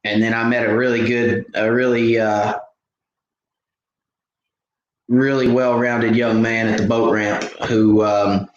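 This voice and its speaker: Folksy fishing host, roomy sound. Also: male voice, mid-range voice, little pitch movement, normal speed, highs cut off. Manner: rambling, folksy, lots of fillers and restarts. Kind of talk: casual live stream chat. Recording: echoey room with faint background noise.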